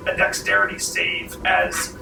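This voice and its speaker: A man narrating a tabletop game as game master, lively and laughing often, recorded in a library meeting room. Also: sits high, a little slow, vocal fry. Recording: echoey room, mic far off, faint hiss.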